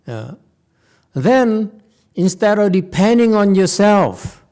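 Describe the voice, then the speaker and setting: A Buddhist master gives a relaxed lecture in a temple hall, slow and deliberate but with a voice that swings widely up and down. He sits a little high for a man, often breaks off to prod his listeners with "hmm?" or "okay?", and stumbles through restarts before landing his point. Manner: halting restarts, playful asides. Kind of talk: conversational Dharma lecture.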